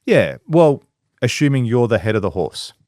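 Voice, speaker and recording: Man, business-owner co-host, blunt and foul-mouthed, mid-pitch, dry close sound. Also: normal speed, no echo. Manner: blunt and profane, acts out quoted people in lively voices. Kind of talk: casual podcast discussion.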